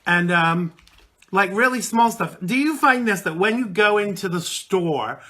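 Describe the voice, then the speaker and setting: Man around forty, radio host, high voice, bright tone, rambling, lots of fillers. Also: expressive, a little slow. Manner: rambling, with many fillers and restarts. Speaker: radio talk show host. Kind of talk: casual live call-in show chat.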